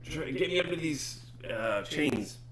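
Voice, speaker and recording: An excited sailor in chains, as a game master puts him on, yelping high and urgent. The lines come in quick, eager bursts, loud and strained. It is a game-table voice, bright and pushed to the top of the range. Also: male voice, roomy sound, slight background noise. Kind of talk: acting a figure in a tabletop game.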